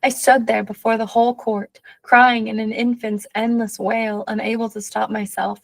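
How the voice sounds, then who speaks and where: A woman reading a children's novel aloud, with measured, steady first-person narration. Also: fairly high pitch, vocal fry, no echo, rough recording. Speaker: audiobook reader.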